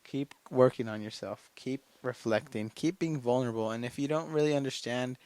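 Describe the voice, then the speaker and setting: A man's voice: medium pitch, normal speed, a little mellow, no room sound. Fired-up teenage guy's pep-talk podcast. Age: late teens. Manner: fired-up self-talk, heavy swearing, repeats phrases. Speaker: podcast host. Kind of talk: casual solo motivational podcast monologue.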